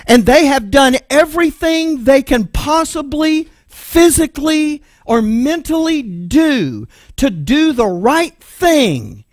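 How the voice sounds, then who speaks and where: A man's voice: high voice, no room sound, clean studio sound. A man with a Texan accent preaching a sermon, emphatic and full of rhetorical questions. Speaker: pastor.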